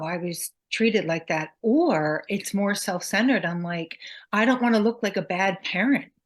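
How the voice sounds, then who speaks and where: A middle-aged woman co-hosting a podcast, talking candidly and reflectively about her own parenting mistakes. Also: mid-range voice. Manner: candid, confessional, acts out quotes in a sharper voice. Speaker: podcast co-host. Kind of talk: reflective casual chat.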